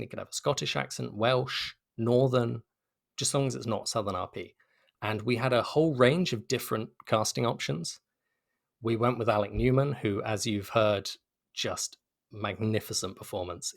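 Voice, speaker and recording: A British man, a game developer, answering interview questions in an enthusiastic, articulate way with frequent restarts. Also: on the low side. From Britain.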